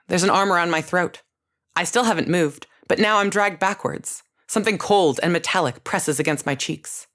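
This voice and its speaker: A woman narrating a first-person story in a measured, scripted reading. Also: sits low, fairly bright tone.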